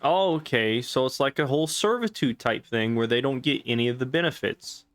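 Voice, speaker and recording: A man's voice: medium pitch, fairly quick, a bit bright, dry recording. Snarky young guy cussing through a game playthrough, faint music under him. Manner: sardonic, swears, mocks the story. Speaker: let's play host. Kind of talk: comedic gameplay commentary.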